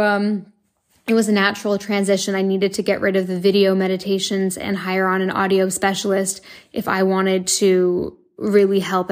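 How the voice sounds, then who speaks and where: Gravelly-edged earnest young woman chatting. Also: medium pitch, a little mellow. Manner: chatty, earnest, filler-heavy with frequent likes and restarts. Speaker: podcast host and meditation app founder. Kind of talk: casual monologue.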